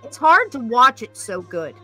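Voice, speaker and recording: A woman podcast host in casual chat, talking fast and gushing with enthusiasm. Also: on the high side, very animated, bright, forceful tone, soft background music.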